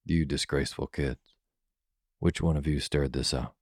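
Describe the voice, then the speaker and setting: A grown son teases and scolds in good fun, voiced by a man reading a storybook. The voice is extremely low and flat. It sounds close and dry. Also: normal speed, no echo. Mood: teasing.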